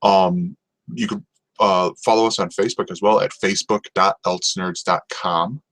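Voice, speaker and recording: A man's voice: low-pitched, fairly even intonation, normal speed, a bit bright, poor audio. A man hosting a casual solo podcast about TV, rambling with lots of ums and restarts. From North America. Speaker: podcast host. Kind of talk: casual solo TV review chat.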